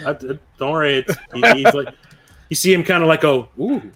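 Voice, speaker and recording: A man narrating a tabletop game as game master, casual and quick to laugh, swearing freely as he describes the action. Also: fairly high pitch, a bit bright.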